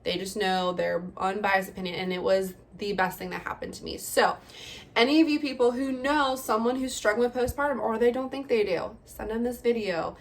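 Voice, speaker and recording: A woman's voice: on the high side, normal speed. A young woman, a mother, talking candidly in a casual personal vlog, chatty, with frequent laughs and filler words. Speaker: vlogger, mother.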